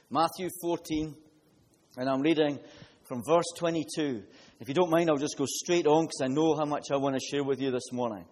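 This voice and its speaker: A man's voice: on the high side, darkish tone. A man preaching a sermon, earnest and building up emphasis as he reads and explains scripture.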